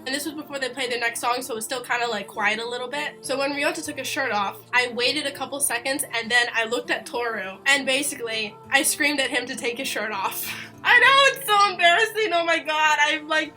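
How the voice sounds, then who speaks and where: A young woman tells a story in a casual vlog, excited and gushing like a fangirl. Her voice sits high and sounds bright and forceful. Soft music plays quietly behind her. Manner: excitable, gushing fangirl talk, bursts into screams. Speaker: vlogger.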